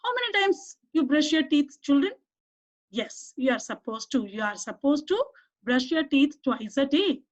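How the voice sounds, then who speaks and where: A woman teacher with an Indian English accent, speaking at normal speed in a high-pitched, sing-song voice, leads an online English lesson for young children. She coaxes them along with questions and asks them to repeat words. The sound is dull and lo-fi.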